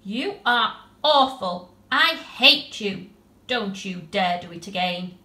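A woman voicing a cross, bossy little girl who scolds her bear loudly. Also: a little high, lively intonation, slow pace, roomy sound, full character voice. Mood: furious.

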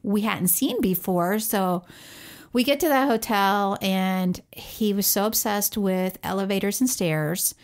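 A woman co-hosting a parenting podcast, telling a personal story in casual chat, animated and laughing often as she talks. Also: mid-range voice, measured pace. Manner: animated storyteller who acts out quoted voices.

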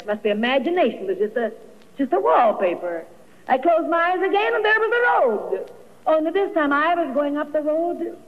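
A woman telling her life story as an emotional personal testimony, dramatic and quoting others in her own voice. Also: high voice. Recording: dull old archival recording in a reverberant hall.

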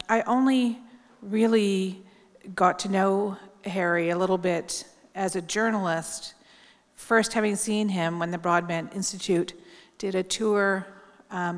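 A middle-aged woman journalist giving a candid, wry tribute speech at a memorial, talking casually with plenty of ums. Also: on the low side. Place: large hall at a public event. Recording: long hall reverb.

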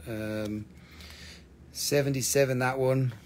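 A man's voice: mid-range voice, steady tone, slow, slight background noise. A man hosting a live stream that sells minerals, talking casually with lots of swearing, ranting and then joking.

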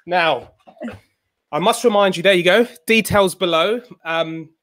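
A man's voice: sits high, measured pace, a bit bright. A man co-hosting a live online dance show, chatting casually, joking and reading out viewer comments.

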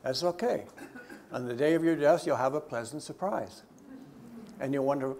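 A man of middle pitch teaches a church group in an easy, conversational manner. He pushes key words up for emphasis, then drops into quiet, low asides. A faint hiss sits under the recording. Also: normal speed, long pauses. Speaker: theologian teaching a church session. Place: church gathering.

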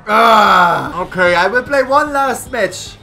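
A woman giving casual gameplay commentary as a gaming YouTuber, excitable and often exasperated, laughing as she plays. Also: mid-range voice, takes it slowly, creaky, soft background music.

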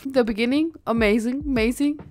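High-voiced excitable woman reacting. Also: brisk, faint music behind. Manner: excitable, gasping, repeating herself, near tears; slangy, says "bro" and "y'all". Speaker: reaction video host. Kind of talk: casual reaction commentary.

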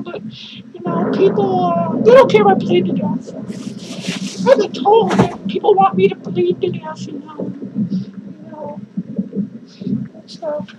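A man playing a lonely, bitter, foul-mouthed female clown in a comedic horror-movie review skit, rambling and swearing in a shrill falsetto. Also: highs cut off, background noise. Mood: self-pitying. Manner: rambling, swearing, cackling between lines.

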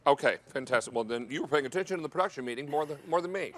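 A man's voice: on the high side, expressive, racing, fairly bright tone. A man hosting a live TV shopping show, talking in a chatty, upbeat sales patter. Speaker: TV shopping host. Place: TV studio kitchen set.

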